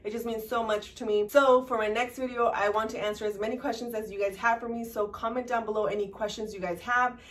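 A woman vlogger talks casually and warmly to her viewers, thanking them and calling them guys in a chatty, heartfelt way. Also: a little high, steady tone, fast, few pauses. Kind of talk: casual talk to camera. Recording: distant mic with faint background noise.

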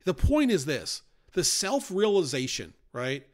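A man's voice: high voice, big pitch swings, measured pace. A man gives a casual Bible study. He talks in a chatty way and often checks in with "right?" and "you know?". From New York. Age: 40s.

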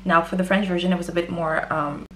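A woman's voice: on the low side, background noise. Chatty young woman reviewing books. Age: young adult. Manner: chatty and expressive, quick exaggerated exclamations. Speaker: book vlogger. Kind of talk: casual book review monologue.

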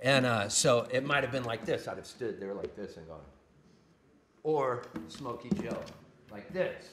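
A man's voice: medium pitch, animated, measured pace, background noise. A man, a singer-songwriter, playing guitar live, singing and telling wry, self-mocking comic stories. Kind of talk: live song and comic storytelling.

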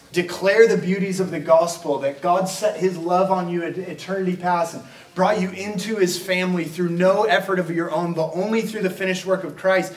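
Man, pastor, sermon, conversational, acts out quoted dialogue, echoey church, distant mic. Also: fairly high pitch. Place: church auditorium. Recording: roomy, from a distance.

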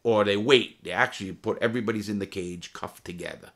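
Gravelly low-voiced blunt man. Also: a little fast, a bit bright. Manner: blunt, swears often, restarts mid-sentence. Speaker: storyteller of his own past. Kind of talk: casual profane storytelling to camera.

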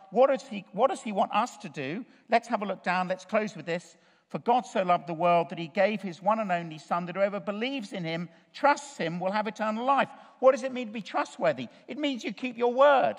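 Preacher man in a reverberant church. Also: sits high. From Chile, raised in Africa. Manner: storytelling, humorous, asks the congregation questions. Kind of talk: sermon. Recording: long reverb of a church hall.

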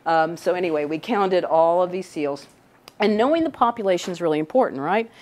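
A middle-aged woman scientist with a fairly low, expressive, darkish voice speaks briskly. Indoors in a room with a couch, she gives young people a casual, chatty talk, often checking in with "right?"

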